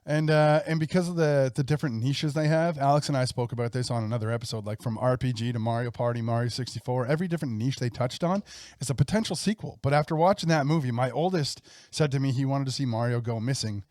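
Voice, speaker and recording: A man's voice: medium pitch, fast talker, a little mellow, no echo. Eager guy on a podcast, talks in long rambly bits, dry room. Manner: enthusiastic, rambling with restarts and laughs. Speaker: podcast co-host. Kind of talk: casual chat.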